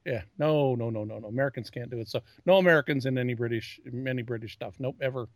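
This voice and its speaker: A man co-hosting a loose pop-culture chat, who rambles and trips over his own restarts as he owns his geekiness. His voice sits at an ordinary middle pitch, and it is recorded close and dry, with no room sound around it. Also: fast, no echo. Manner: rambling, repeats words and restarts often; self-described geek. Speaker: podcast co-host. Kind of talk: casual chat.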